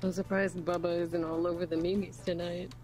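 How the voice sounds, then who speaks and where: A man's voice: high voice, flat delivery, moderate pace, over loud music. A man in casual chat during a game, amused and laughing along. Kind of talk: casual group chat while gaming.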